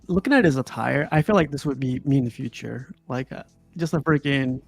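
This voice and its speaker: A man's voice: medium pitch, lively intonation, fairly quick, creaky, husky, dry recording. A man hosting a casual film review, talking loosely and laughing often. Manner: laughs often, rambling with fillers. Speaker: podcast host. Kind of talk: casual movie review chat.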